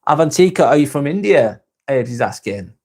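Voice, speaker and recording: A British man hosting a live stream, chatting with viewers in a calm, relaxed, easygoing way. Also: fairly high pitch, fairly quick. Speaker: live-stream host reading viewer comments. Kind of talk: casual live-stream chat.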